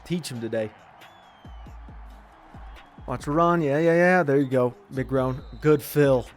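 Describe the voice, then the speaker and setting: Excitable young man calling a football game. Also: mid-range voice, slow, faint music behind. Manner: excitable, talks to players on screen, slangy. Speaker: gaming commentator. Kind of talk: casual gameplay commentary.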